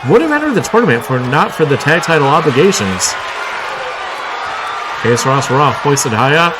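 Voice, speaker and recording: A man doing live play-by-play commentary on a wrestling show, excitable, with frequent exclamations and wry asides. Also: on the high side, moderate pace. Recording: clear crowd noise and background noise.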